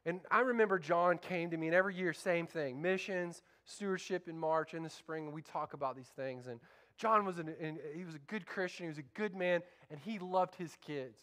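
A man's voice: on the high side, brisk, fairly bright tone. A man preaching a sermon as pastor, fervent and calling out to his congregation for responses.

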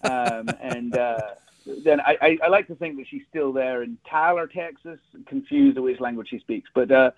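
A man's voice: medium pitch, normal speed. An Englishman with a British accent telling his story as a podcast guest, chatty and laughing often. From England. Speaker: guest, recruiting firm CEO. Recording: phone-like narrow line.

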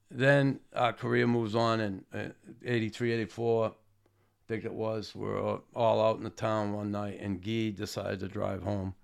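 A man with a low, gravelly voice tells old stories in a rambling, halting way. He restarts his sentences often and swears without a second thought. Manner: swears casually, self-deprecating. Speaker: former hockey player telling stories. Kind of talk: casual storytelling.

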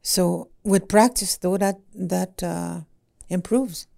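Woman language teacher, very gravelly, dark voice, halting with "eh?" tags. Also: lowish voice, fairly even intonation. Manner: halting, many fillers and "eh?" tags. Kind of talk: casual podcast conversation.

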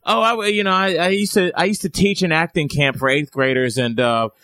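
A man's voice: on the high side, fairly even intonation, brisk, pushed and bright, no room sound. Man, comedian, casual chat, rambling, swears a lot, dead dry room. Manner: rambling storyteller, lots of restarts and swearing.

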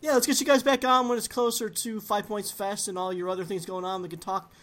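A man hosting a casual podcast chat about toys, playful and quick to laugh. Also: high voice, steady tone, fairly bright tone. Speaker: podcast host.

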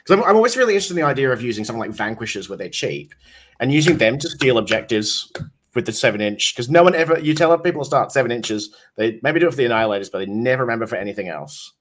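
A man's voice: mid-range voice, animated, racing, a little hiss or hum. A man co-hosting a casual gaming podcast, recapping his games in an easygoing way with plenty of fillers. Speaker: podcast co-host.

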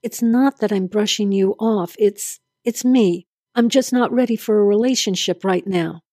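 Woman reading as nervous indebted young woman, shaky, pleading, mellow dry storybook voice. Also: mid-range voice, expressive, normal speed, dry recording, lightly acted.

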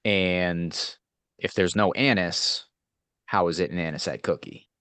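Deep-voiced deadpan man. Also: measured pace, clean tone, no room sound. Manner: dry, deadpan quips. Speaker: podcast co-host. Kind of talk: casual chat.

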